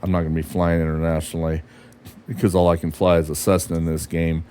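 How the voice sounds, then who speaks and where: Deep-voiced man ranting sarcastically at a game. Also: little pitch movement, fast, dark tone, slight background noise. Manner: sarcastic, frustrated ranting with swearing. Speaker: gamer commentating his flight sim play. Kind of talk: casual game commentary.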